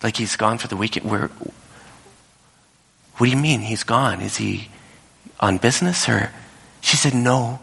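A man's voice: unhurried, creaky, long pauses, a bit bright, husky. Man preaching in an echoey hall. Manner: storytelling, drops to whispers and rises high when quoting others. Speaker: pastor. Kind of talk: sermon. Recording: echoey hall with long reverb.

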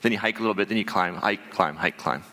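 A man telling a personal story to an audience, animated and conversational, with many fillers and restarts. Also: deep voice, fast, long reverb tail. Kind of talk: live storytelling talk.

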